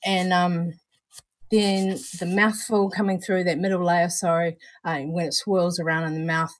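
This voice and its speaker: Chatty NZ woman host, lowish voice, dry close sound, bubbly and familiar with viewers. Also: flat delivery, a little slow, no room sound. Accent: New Zealand. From New Zealand. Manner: chatty, bubbly, calls viewers darling and honey. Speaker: vape show co-host. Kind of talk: casual livestream chat.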